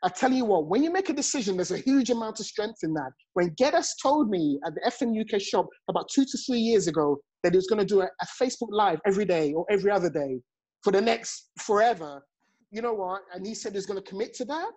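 A man's voice: sits high, animated, fast talker, darkish tone, rough recording. A man in his forties hosting a motivational live chat over a phone, effusive and chuckling often. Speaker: host and network marketing coach.

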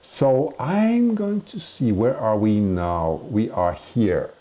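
A man's voice: lowish voice, lively intonation, takes it slowly, mellow. A man hosting a live stream, chatting casually as he announces poll results. He pokes fun at himself and laughs often. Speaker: live show host.

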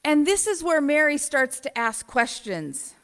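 A woman pastor preaching a conversational sermon in a church, animated and emphatic with repeated phrases. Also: high voice, measured pace. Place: church sanctuary.

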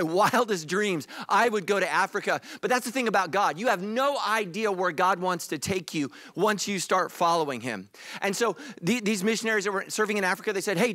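High-voiced pastor preaching emphatically. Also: male voice, pushed and bright, no echo. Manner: emphatic, repetitive preaching with humor. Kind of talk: sermon. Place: church stage.

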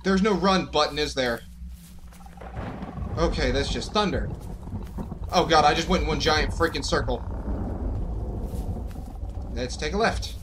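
This gaming channel host's horror let's play has him talking to viewers in nervous, frightened, jittery bursts, panicky throughout. His voice is on the high side and a little slow, with long pauses, and background noise can be heard.

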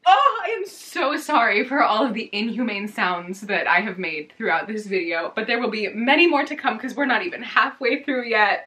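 A young woman chats casually on her vlog, recapping a book. Her voice is bright and sharp-edged, and her delivery is gushing and emotional, breaking easily into laughter. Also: on the high side, lively intonation, moderate pace, hardly any pauses. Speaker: book vlogger.

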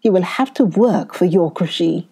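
A woman's voice: moderate pace, warm tone, husky. A woman reading a children's storybook aloud, voicing a stingy old wife who shrieks and scolds. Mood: scolding. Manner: shrill and scolding.

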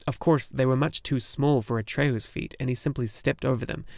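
A man reading a fantasy novel aloud in steady storytelling narration. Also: mid-range voice, normal speed, gravelly, dry recording, studio quality. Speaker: audiobook narrator. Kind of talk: scripted narration.

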